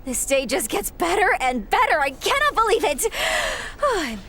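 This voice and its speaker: A woman's voice: very high voice, big pitch swings, moderate pace, sharp tone, slight background noise, heavily acted. Gushing, giddy trainee fangirl. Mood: excited. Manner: breathless, gushing. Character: giddy young female wrestling trainee, superfan. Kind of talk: video game voice acting.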